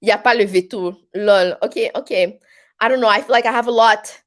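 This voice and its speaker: At a normal speed and medium pitch, a woman with a Québécois French accent goes through viewer comments on a casual live stream, rambling and chatting with many fillers.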